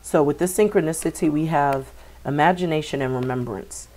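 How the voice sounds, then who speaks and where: A woman's voice: low-pitched, a little fast, darkish tone. A woman doing a spiritual tarot reading for her viewers, talking in a meandering way with many fillers and repeated words. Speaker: tarot reader.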